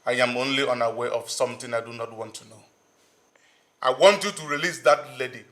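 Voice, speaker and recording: A man's voice: medium pitch, a little fast, a bit bright, close to an everyday voice. An actor playing a man who threatens a woman into releasing a hostage, in a firm, threatening manner. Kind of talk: Nollywood film drama.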